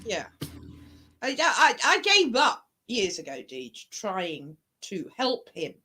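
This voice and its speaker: A woman's voice: mid-range voice, very animated, slow pace, pushed and bright, a little hiss or hum. A woman from England with a trained, broadcaster-like British accent, chatting in a casual group talk and explaining at length. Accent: British, trained broadcaster-style.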